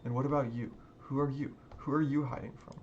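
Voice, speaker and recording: A man's voice: mid-range voice, steady tone, fairly quick, a little mellow, lo-fi sound, a little hiss or hum, pitched above the performer's own voice, natural voice. A man voicing a puzzled, wary young man who keeps asking questions. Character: puzzled young male camp newcomer, wary.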